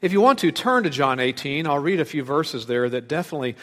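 Male preacher, fairly high voice, animated delivery, long hall reverb. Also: fast. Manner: animated, dramatic shifts between loud emphasis and hushed asides. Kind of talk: expository sermon.

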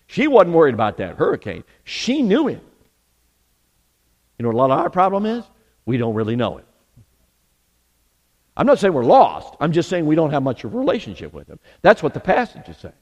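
A man's voice: a little high, wildly swooping pitch, brisk, long pauses. A man preaching a sermon as pastor, emphatic, asking the congregation rhetorical questions. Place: church sanctuary. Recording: long reverb in a church hall.

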